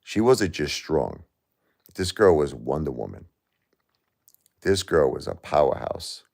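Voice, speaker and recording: A middle-aged man hosting a livestream, grieving and talking in a raw, repetitive way that swings from anger to hushed disbelief. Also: very deep voice, sing-song, slow, gravelly. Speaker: livestream host. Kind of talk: emotional live-stream monologue.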